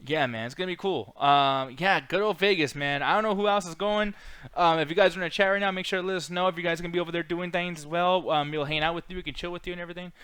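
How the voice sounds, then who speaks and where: Fast-talking excitable man on a dry mic. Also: sits high, clean tone, dry recording. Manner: excitable, profane, laughs often. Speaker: podcast co-host. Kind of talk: casual live-stream chat.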